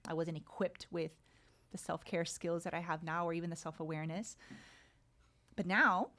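Thirties woman, podcast guest; casual, expressive storytelling with voiced-out thoughts. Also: on the low side, normal speed. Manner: expressive, acts out her inner thoughts. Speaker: kindness coach and podcast guest.

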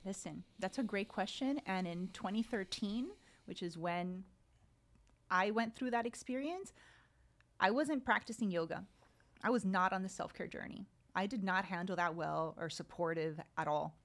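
Thirties woman, podcast guest; casual, expressive storytelling with voiced-out thoughts. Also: mid-range voice, normal speed. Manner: expressive, acts out her inner thoughts. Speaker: kindness coach and podcast guest.

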